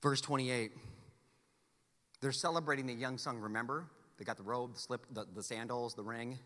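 A man preaching a sermon as pastor, telling stories in an animated, playful rant. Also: mid-range voice, normal speed. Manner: animated storyteller, playful ranting. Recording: long hall reverb.

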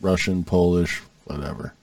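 A man's voice: low voice, steady tone, moderate pace, no echo, distant mic. A man co-hosting a comedy podcast, rambling through stories in casual chat with stammering restarts. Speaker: podcast co-host.

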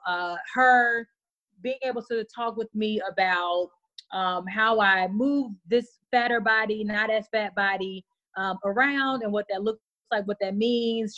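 A woman's voice: mid-range voice, lo-fi sound. A woman guest on a podcast, talking casually and with animation, acting out people's reactions. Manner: animated, laughing, plays out reactions in voices. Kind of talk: casual conversation.

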